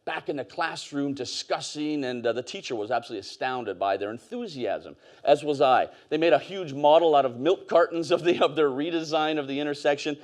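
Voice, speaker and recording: Man, 40s, relaxed storytelling conference speaker. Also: fairly high pitch, fairly quick, few pauses. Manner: conversational, storytelling, with fillers and laughs. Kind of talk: conference talk. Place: conference stage.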